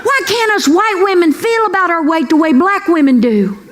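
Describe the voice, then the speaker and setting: A woman's voice: very high voice, expressive, normal speed. A woman comedian doing a brash, folksy stand-up routine on a club stage. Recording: live club with crowd laughter and noise. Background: audience laughter.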